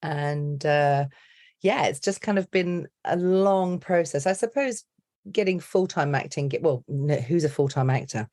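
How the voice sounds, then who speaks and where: A middle-aged woman from England speaks with an English accent in a low, deep register. She chats animatedly as a podcast guest, telling stories with plenty of energy. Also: unhurried. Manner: chatty, animated storyteller. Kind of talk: casual interview chat.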